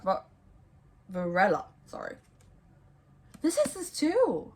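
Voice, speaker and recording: A young woman giving book recommendations in a casual vlog, rambling and hesitant with many ums and self-corrections, her voice going hoarse. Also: mid-range voice, a little slow. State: losing her voice. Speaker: book vlogger.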